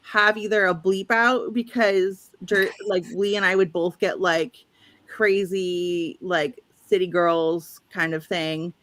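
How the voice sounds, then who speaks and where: A woman's voice: lowish voice, steady tone, takes it slowly, a bit bright, no room sound. A woman from St. Louis with a St. Louis accent, hosting a livestream, chatting casually and reading viewer comments aloud. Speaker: livestream host. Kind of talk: casual chat.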